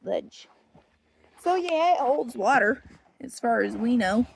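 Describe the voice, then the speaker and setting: A young woman vlogs her ranch chores in a rambling, self-joking way, her voice a little higher than most. She takes her time with every sentence, talking outdoors into a phone held in her hand. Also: expressive, slow, vocal fry, a little hiss or hum. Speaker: ranch vlogger. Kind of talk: casual vlog chat while doing chores. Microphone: handheld phone.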